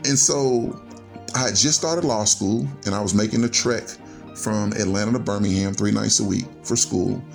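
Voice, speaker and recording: Gravelly low-voiced man telling his story. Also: moderate pace, faint music behind. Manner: earnest and reflective, strings thoughts together with "and so". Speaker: podcast guest telling his life story. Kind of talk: personal storytelling.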